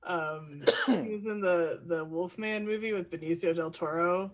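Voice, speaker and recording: A man's voice: high voice, moderate pace. Laid-back chuckling man sharing movie trivia. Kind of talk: casual movie chat.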